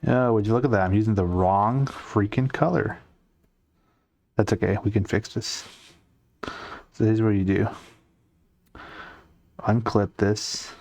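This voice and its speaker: A young man with a lowish, darkish voice draws on a live stream, chatting casually with his chat and rambling as he answers comments. He speaks at a moderate pace with vocal fry and long pauses, and the recording is dry.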